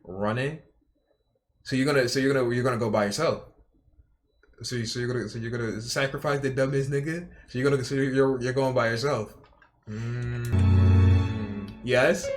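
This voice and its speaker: A young man streaming, reacting casually to a video, rambling and repeating himself while swearing and talking to his chat. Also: medium pitch. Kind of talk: casual live reaction commentary.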